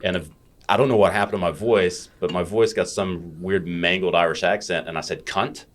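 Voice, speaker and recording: A man's voice: low voice, fairly even intonation, fairly quick. An American man telling stories as a guest in a casual podcast chat, blunt and freely swearing. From United States. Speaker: guest, fitness educator.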